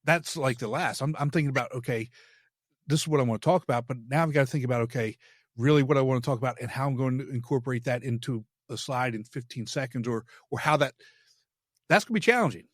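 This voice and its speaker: A man's voice: mid-range voice, no echo. Guy hosting a podcast, kinda stumbly, lots of restarts, dry sound. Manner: halting, many restarts and repeated words. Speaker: podcast host. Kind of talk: casual interview chat.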